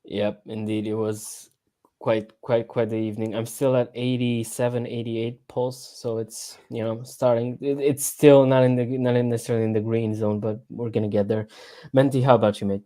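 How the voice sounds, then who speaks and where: A man hosting a casual football livestream, talking in a mellow, darker tone at a medium pitch. He rambles and stammers, repeating words as he searches for them, and slips sarcasm into his points. It feels like an informal chat among fans. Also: level tone, normal speed. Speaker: livestream co-host. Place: home room, lives abroad.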